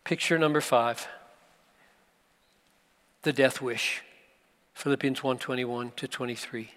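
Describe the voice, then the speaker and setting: A man preaching a sermon at a conference, slow and emphatic, with dramatic pauses. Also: mid-range voice, steady tone, fairly bright tone. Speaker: pastor. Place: large conference hall. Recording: live hall recording with long reverb.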